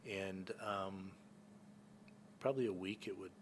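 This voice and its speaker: A man's voice: sits low, fairly even intonation, unhurried, a little hiss or hum. A man from Northern California, a podcast guest, telling rambling stories with many fillers and restarts. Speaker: guest, entrepreneur and hunting guide. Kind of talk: casual storytelling in a podcast interview.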